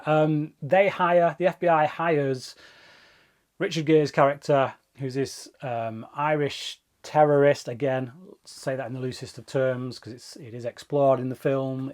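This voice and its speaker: A man reviewing a film for his channel, chatty and rambling, often restarting his sentences. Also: mid-range voice. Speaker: movie review vlogger. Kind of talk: casual spoken film review.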